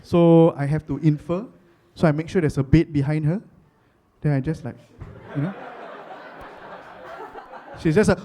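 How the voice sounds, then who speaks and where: A man with a Singaporean accent performing a stand-up comedy set, chatty and animated, repeating lines for effect. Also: on the high side, unhurried, pauses often. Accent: Singaporean English. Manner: animated, chatty, rhetorical repetition.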